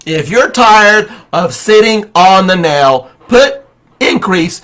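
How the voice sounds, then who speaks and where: A man's voice: sits high, animated, takes it slowly, a bit bright. A man coaching real estate agents on a livestream, speaking energetically and preachily and firing rhetorical questions at his viewers. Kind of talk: motivational livestream talk.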